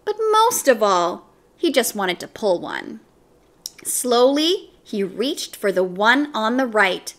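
A woman reading a children's book aloud, slow and expressive. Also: a little high. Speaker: storyteller.

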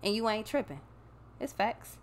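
A woman's voice: on the high side, sing-song, moderate pace. A woman giving a casual tarot reading, talking bluntly and emphatically with plenty of swearing. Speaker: tarot reader.

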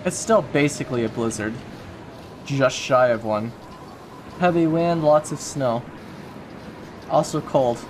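A man's voice: mid-range voice, a little slow, long pauses, background noise. A man giving casual, jokey let's-play commentary, talking to himself while he plays. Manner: chatty, jokey, talks to himself while playing. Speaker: gaming YouTuber.

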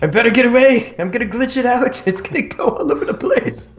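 A man's voice: very high-pitched, a little fast, a bit bright, lo-fi sound, faint music behind. A man co-playing a game in casual chat, laid-back, stumbling over and repeating words, laughing a lot. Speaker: guest co-player.

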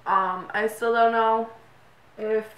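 A woman's voice: fairly high pitch, fairly even intonation, takes it slowly, a bit bright. A young woman vlogger chatting casually through her makeup routine, rambling with many fillers, recorded on a camera mic from a distance. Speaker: beauty vlogger. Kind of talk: get-ready-with-me makeup chat. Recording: roomy echo, distant mic, faint noise.

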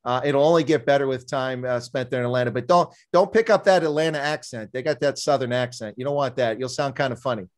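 Chatty interviewer man, mid pitch. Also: fast talker, few pauses. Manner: friendly, chatty, with frequent "uh" fillers. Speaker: podcast host, interviewer. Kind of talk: casual interview.

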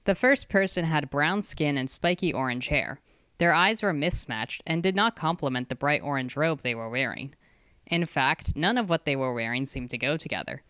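Smooth, measured audiobook narrator. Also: mid-range voice, lively intonation, sharp tone, no room sound, clean studio sound. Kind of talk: scripted narration.

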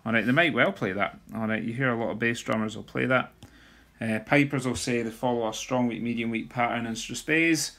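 A man's voice: mid-range voice, a little fast, gravelly. A man, teaching drumming theory in a screen-recorded walkthrough and talking as he writes. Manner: talks while writing, sings drum rudiments softly.

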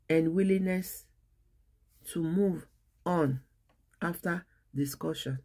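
A woman pastor delivers a sermon in an earnest preaching cadence, breaking her thoughts into short phrases with pauses between them. Her voice carries a gravelly, creaky edge. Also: fairly low pitch, steady tone, dark tone. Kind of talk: sermon on marriage.

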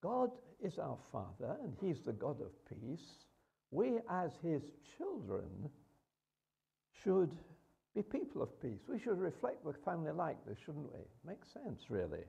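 Gravelly-voiced male preacher. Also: fairly high pitch, huge pitch swings, unhurried, dark tone. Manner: conversational, with rhetorical questions and fillers. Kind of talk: sermon.

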